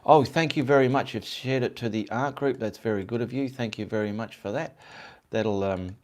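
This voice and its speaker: A man's voice: medium pitch, normal speed. An Australian man from Perth hosting a casual live stream, rambling and greeting viewers by name. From Perth, Western Australia. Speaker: livestream host and artist.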